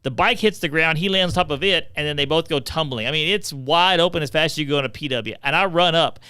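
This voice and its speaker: Bright-voiced man telling stories. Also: on the high side, quick pace, clear, resonant tone, dry recording. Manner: animated, chatty storyteller. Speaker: podcast co-host. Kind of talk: casual storytelling.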